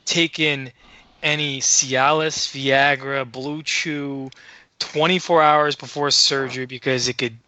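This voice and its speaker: Excitable, foul-mouthed man telling a story. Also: mid-range voice, takes it slowly, dry recording. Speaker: podcast co-host. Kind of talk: casual storytelling chat.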